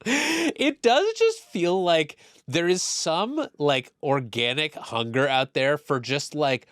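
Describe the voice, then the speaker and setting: A man's voice: a little high, sing-song, slow, a bit bright, no room sound, studio quality. A man co-hosting a tech podcast, rambling in a casual, self-deprecating way with many fillers. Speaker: podcast co-host. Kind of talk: casual chat.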